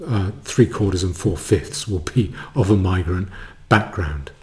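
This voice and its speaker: A man giving a solo commentary monologue, halting, with many stammered restarts. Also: sits low, mellow.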